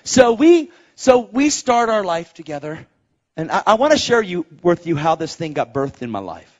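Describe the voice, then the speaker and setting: A man preaching a sermon to a crowd, animated and excitable, swinging between hushed and loud delivery. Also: mid-range voice. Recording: dull lo-fi sound.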